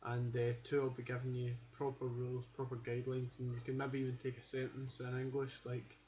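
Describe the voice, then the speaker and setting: Glasgow man teaching in a flat, rambling voice over a dull, lo-fi webcam mic. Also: mid-range voice, a little fast, slight background noise. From Scotland. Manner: rambling, many fillers and restarts. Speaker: accent teacher. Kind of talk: casual webcam lesson.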